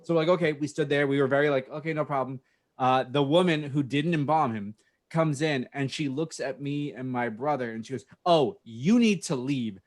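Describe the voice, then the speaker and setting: A man's voice: mid-range voice, moderate pace. A man co-hosting a casual podcast, telling a story in a heated, profane way. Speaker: podcast co-host.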